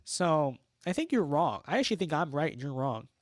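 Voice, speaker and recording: A young Los Angeles man hosts a casual livestream, reading chat messages aloud and firing back with wry, sarcastic, mock-boastful replies. His voice is on the high side and sing-song, and he talks fairly quickly. The recording is dry with a clean studio sound.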